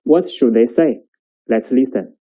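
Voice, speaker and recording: A Chinese language teacher, a woman, leads a recorded lesson at an unhurried pace in a deep, mellow, husky voice that is never bright. She enunciates words slowly and carefully, running drills so the student can repeat after her. The recording sounds rough.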